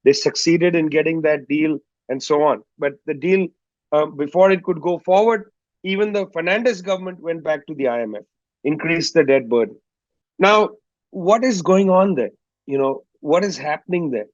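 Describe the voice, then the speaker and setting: A man speaks in a somewhat raised register and explains his points at a measured pace, often with small asides. The recording is dull and slightly lo-fi, with a dry, close sound and no room echo. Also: a little high. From India. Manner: measured, explanatory, frequent "you know" asides. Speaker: guest historian. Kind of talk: analytical interview answer.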